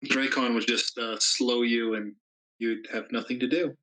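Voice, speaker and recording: Halting, measured man. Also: mid-range voice, fairly even intonation, sharp tone, low-quality recording. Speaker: tabletop game player. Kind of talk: casual chat between players.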